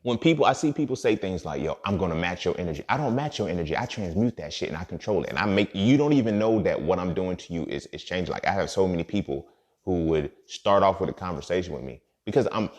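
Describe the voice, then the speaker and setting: A man's voice: deep voice, animated, quick pace, a little mellow. A young man talking casually on his podcast in a streetwise, profane way, often asking "you feel me". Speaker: podcast host. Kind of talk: casual monologue.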